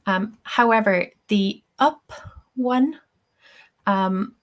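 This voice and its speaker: A woman's voice: medium pitch, drawn-out words. A woman, a tutor answering questions in a live webinar, chatty and thinking aloud with many ums. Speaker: English-teaching tutor.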